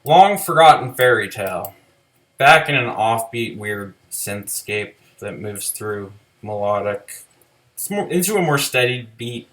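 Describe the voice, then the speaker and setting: A man's voice: mid-range voice, animated, a little slow, a bit bright. A man giving a casual, rambling spoken review of an album, full of "like" fillers and loose swearing.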